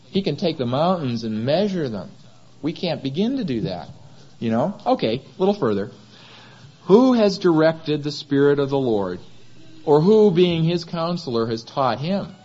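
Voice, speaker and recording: A man's voice: mid-range voice, a little mellow, breathy edge, lo-fi sound. A man preaching a sermon in a chapel, questioning the congregation and answering himself. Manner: asks the congregation rhetorical questions.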